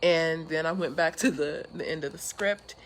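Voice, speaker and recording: A woman's voice: low-pitched, moderate pace, a little hiss or hum. A woman from California chatting earnestly and casually to an online audience from her porch, with many fillers and restarts. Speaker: speaker sharing with an online audience. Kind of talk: casual live chat. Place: outdoor porch.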